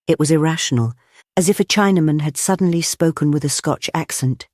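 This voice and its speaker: A man narrating an audiobook of a classic novel in a measured, expressive reading. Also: a little high, no room sound, clean studio sound. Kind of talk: scripted narration.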